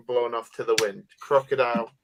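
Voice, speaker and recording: A man in relaxed conversation, joking and playing out scenes in quick bursts. His voice sits at a middle pitch, and he talks with lively, teasing energy. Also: slight background noise. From United Kingdom. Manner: animated, jokey, acts out scenes. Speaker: host. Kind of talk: casual chat.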